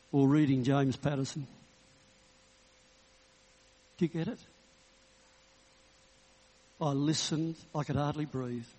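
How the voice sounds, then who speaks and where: Sixties male Baptist minister, sermon, chatty and wry, slightly higher voice, long hall reverb. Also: a little mellow, breathy edge. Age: 60s. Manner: humorous, conversational storytelling. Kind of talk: sermon with personal story and prayer.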